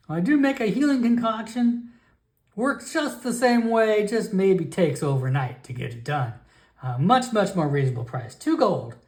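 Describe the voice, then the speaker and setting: A man voicing a chatty male merchant alchemist who pushes his wares with wheedling sales patter. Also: high voice. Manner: wheedling sales patter, calls everyone my friend.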